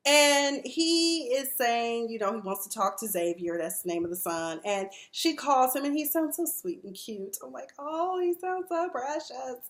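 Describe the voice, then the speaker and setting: A woman's voice: a little high, animated, moderate pace, hardly any pauses, a bit bright. A woman in her forties giving blunt, candid, profane casual commentary on a reality TV show. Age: 40s. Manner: blunt, candid, profane, mimics the people she discusses. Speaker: reality TV recap vlogger. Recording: roomy echo.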